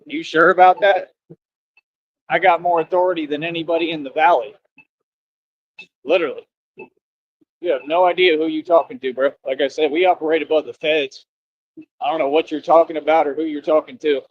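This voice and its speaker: A man's voice: fairly high pitch, steady tone, a little fast, long pauses, no echo, lo-fi sound. A man ranting boastfully and scornfully on a live stream.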